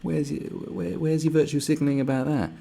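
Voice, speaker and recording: A man's voice: on the high side, steady tone, fairly quick, vocal fry, dark tone. A man ranting to camera, sarcastic and mocking, swearing a lot. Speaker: vlogger. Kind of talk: angry profane rant.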